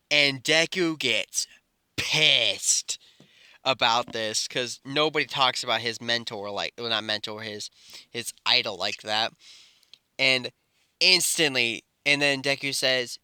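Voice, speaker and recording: Young guy rambling through a fan fic story, super bright crisp voice, dry close mic. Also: medium pitch, dry recording. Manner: rambling, halting, many restarts. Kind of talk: improvised fan-fiction storytelling.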